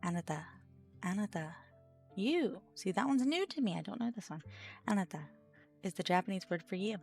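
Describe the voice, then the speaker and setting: A woman's voice: medium pitch, animated, brisk, vocal fry, darkish tone, soft background music. A woman with an Australian accent streaming a game, reading lesson text aloud and chatting between lines. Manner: reads lesson text aloud, laughs and chats with partner.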